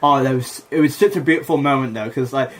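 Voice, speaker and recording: A man's voice: medium pitch, fast talker, slight background noise. A young man, a comedian and podcast co-host, telling a rambling story with lots of fillers and laughter in casual chat.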